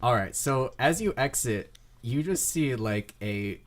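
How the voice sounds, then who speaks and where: A man's voice: mid-range voice, lively intonation, measured pace. A man narrating as game master for a tabletop game in a casual, laughing way. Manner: casual, laughing, with shouted in-character lines.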